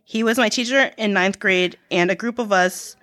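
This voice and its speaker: A woman's voice: mid-range voice, normal speed, fairly bright tone. A young woman co-hosting a podcast, reading listener confessions aloud and reacting bluntly, swearing freely. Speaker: podcast co-host.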